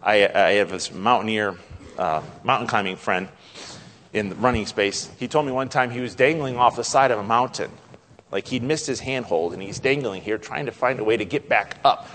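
A man preaching a sermon with drama, his voice climbing when he acts out God's lines and dropping to a hush at solemn points. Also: lowish voice, long reverb tail, slight background noise. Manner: drops to a hushed, soft tone at solemn points.

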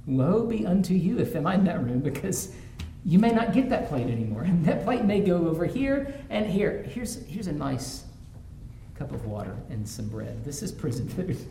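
A man's voice: a little high, sing-song, moderate pace, vocal fry, mellow. A man preaching a sermon as pastor, telling stories from his own family life and rising to fervent emphasis. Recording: roomy echo, faint background noise.

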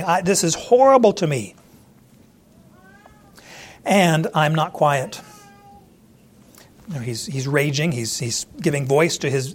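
A man teaching through a Bible passage verse by verse in a conversational way, acting out the quoted speakers as he goes. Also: on the high side. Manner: conversational, acts out quoted lines with restarts.

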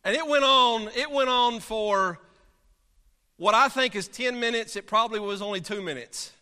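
A man, a pastor, preaching and telling a story from the pulpit in an animated, dramatic way, heard in a church sanctuary. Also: very high voice, normal speed, clear, resonant tone. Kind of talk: sermon storytelling. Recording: long reverb of a large hall.

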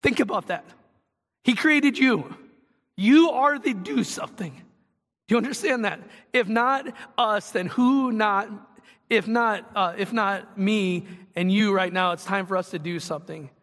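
Guy pastor preaching, high voice, big echoey church hall, gets fired up. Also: a little slow, fairly bright tone. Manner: earnest, conversational preaching that builds to passionate emphasis. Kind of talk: sermon.

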